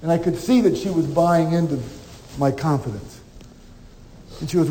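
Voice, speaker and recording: Male keynote speaker, animated storyteller who plays out dialogue; mellow tone, reverberant hall. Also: on the high side, moderate pace. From Omaha, Nebraska. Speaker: motivational speaker. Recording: reverberant hall with faint noise.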